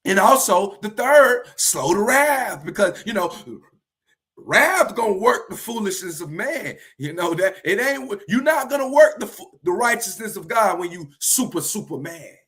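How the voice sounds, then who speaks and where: A man teaching from the Bible in a livestream, earnest and repeating key phrases slowly for emphasis. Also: high voice, very animated, fairly bright tone.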